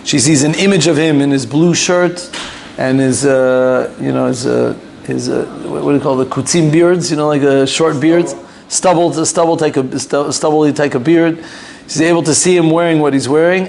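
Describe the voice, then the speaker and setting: Male rabbi, slightly high voice, casual storytelling lesson. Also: vocal fry, a little hiss or hum. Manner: animated storyteller, loose, with fillers and asides.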